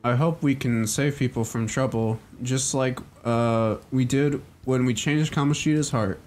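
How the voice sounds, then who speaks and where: A man's voice: mid-range voice, fairly even intonation, unhurried, darkish tone, close to an everyday voice. A man reading aloud the lines of an earnest teenage girl from a game in his own plain voice, without putting on a voice. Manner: reads her lines plainly without a put-on voice.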